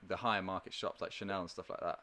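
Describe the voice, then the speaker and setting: A young man in relaxed podcast conversation, his voice sitting a little low. He rambles, stacking fillers and restarting his sentences as he goes. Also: fast. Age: young adult. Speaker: podcast guest. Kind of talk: casual chat.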